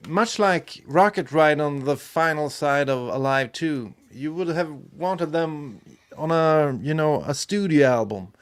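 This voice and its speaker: A man's voice: fairly high pitch, smooth. A man chatting as a panelist on a podcast, enthusiastic and a bit rambling, with many fillers. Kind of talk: casual podcast chat.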